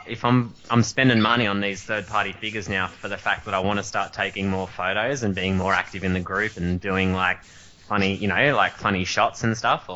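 A man's voice: fairly low pitch, pushed and bright, highs cut off. A man chatting casually about his collection, rambling with many fillers and restarts. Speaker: collector in group chat. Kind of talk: casual chat.

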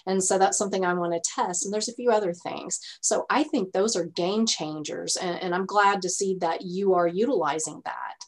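A woman's voice: on the low side, normal speed, few pauses. A woman interviewer talking casually and agreeably about her own plans.

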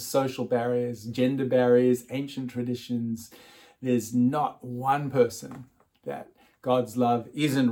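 A man's voice: mid-range voice, darkish tone. A man preaching an Easter sermon. He chuckles often and repeats words as he starts his phrases. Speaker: pastor.

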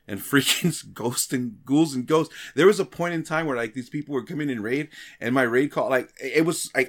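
A man telling stories in a casual, animated way, often swearing and acting out his own reactions. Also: mid-range voice. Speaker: streamer and podcast regular. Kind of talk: casual chat.

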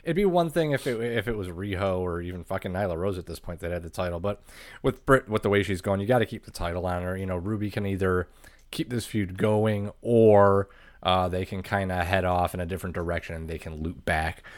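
A man's voice: deep voice, fairly quick. A man co-hosting a podcast in casual chat, laid-back and blunt with his opinions. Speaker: podcast co-host.

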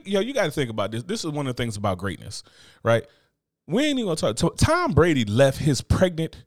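Fast, lively man talking bluntly. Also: mid-range voice, dry recording, clean studio sound. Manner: blunt, profane, joking. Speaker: podcast co-host. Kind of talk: casual chat.

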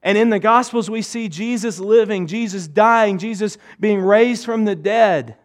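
A male pastor preaching a sermon to his church, emphatic, swinging between raised urgency and hushed intensity. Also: high-pitched, unhurried.

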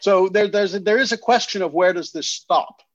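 A man's voice: high voice, normal speed, no echo, highs cut off. A man from New England co-hosting a podcast, talking things through in a thoughtful, hedging way with frequent restarts. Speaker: podcast co-host. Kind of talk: casual discussion.

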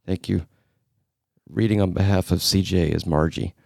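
A man's voice: deep voice, steady tone, normal speed, gravelly, darkish tone, no room sound, studio quality. A man co-hosting a podcast in casual chat, jokey and rambling, laughing often as he reads a listener's message. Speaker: podcast co-host.

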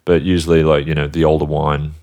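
Guy with a super low voice, laid back, lots of ums, just chatting as a guest. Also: fairly quick. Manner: relaxed, rambling with fillers. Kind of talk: casual interview chat.

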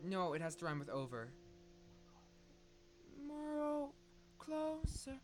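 A man in a casual songwriting session, singing lyric ideas in a high voice that cracks, then mumbling between tries. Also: racing. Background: loud piano music.

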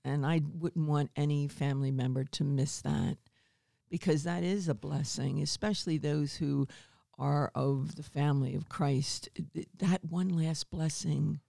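A man as a guest in a faith-based interview, speaking in a measured, affirming way and giving gentle advice. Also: fairly high pitch, fairly even intonation, vocal fry, dry recording, studio quality.

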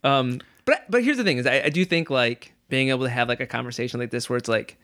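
Male co-host, gravelly fry, loose rambling chat. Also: medium pitch, fast, fairly bright tone, no room sound, studio quality. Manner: rambling, heavy on "like" and "you know". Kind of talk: casual chat about comedy.

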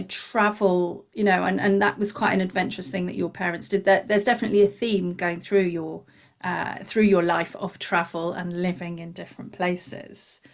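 A woman's voice: medium pitch, creaky. A woman hosting an interview, asking curious, friendly questions. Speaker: podcast host. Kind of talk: casual interview chat.

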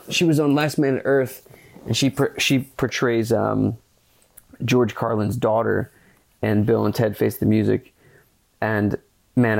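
A man hosts a podcast alone, reviewing a film in a casual, rambling way full of fillers. He's earnest and excitable and swears casually. His voice is mid-range and creaky.

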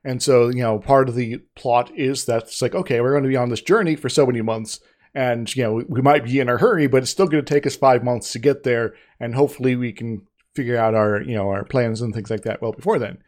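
A man's voice: medium pitch, steady tone, a little fast, hardly any pauses, a little mellow. A man co-hosting a casual discussion who hesitates, restarts his sentences and rambles through long explanations.

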